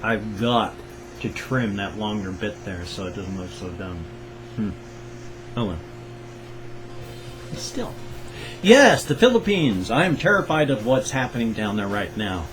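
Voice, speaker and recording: A man's voice: fairly low pitch, big pitch swings, unhurried, long pauses, music in the background, poor audio. An older man from the Pacific Northwest with its accent, chatting in a rambling, self-correcting way in a casual solo vlog. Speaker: vlogger.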